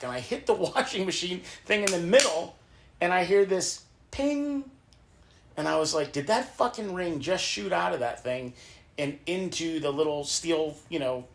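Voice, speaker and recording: Animated man telling stories, gravelly voice. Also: on the high side. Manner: animated, profane storytelling. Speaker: podcast host. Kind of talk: casual storytelling chat.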